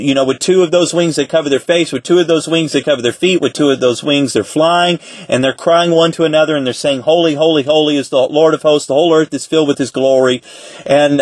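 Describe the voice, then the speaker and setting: A man teaching a Bible study lesson in a conversational way, asking rhetorical questions and slowing down to quote scripture. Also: a little high, no room sound.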